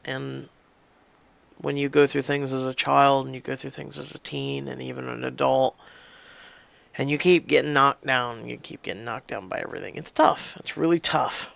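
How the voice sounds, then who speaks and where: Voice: mid-range voice, steady tone, normal speed, creaky, fairly bright tone, dry recording. A YouTube gamer giving casual, rambling and candid commentary between story scenes, with many fillers and restarts.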